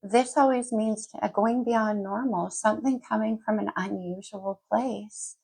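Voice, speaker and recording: Speaking straight to the viewer by sign, a tarot reader gives a rambling, casual general reading, losing her thread and then picking it back up. She talks at a measured pace in a mid-range, darkish voice with vocal fry, a breathy edge and fairly even intonation; the audio is poor.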